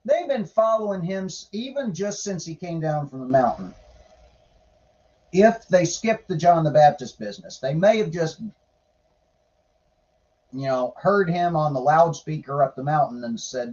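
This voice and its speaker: Slow sarcastic man, dull lo-fi sound. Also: a little high, expressive, darkish tone. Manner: sarcastic, swears casually. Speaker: podcaster reading and commenting on the Bible. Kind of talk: irreverent casual commentary.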